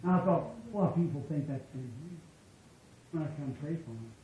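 A male preacher, leading a healing service and pleading with his congregation in a fervent, drawn-out way. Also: on the high side, warm tone, slight background noise. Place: church hall. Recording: echoey, dull old church recording.

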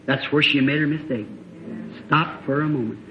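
High-voiced man preaching on an old tape. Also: moderate pace, lo-fi sound, slight background noise. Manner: folksy, plain-spoken, building to shouts. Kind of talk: storytelling sermon.

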